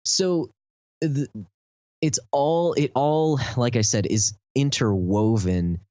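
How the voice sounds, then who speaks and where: A man's voice: mid-range voice, slow, mellow, no room sound, lo-fi sound. A man with a Texan accent chatting casually on a podcast, explaining at length with plenty of "um" and "like". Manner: rambling, lots of fillers, enthusiastic explaining. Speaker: podcast host.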